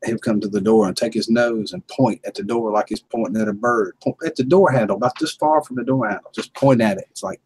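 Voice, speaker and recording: A man's voice: lowish voice, fast, hardly any pauses, darkish tone, breathy edge, no echo, poor audio. A man hosting a casual livestream, chuckling and telling laid-back stories to viewers. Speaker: livestream host.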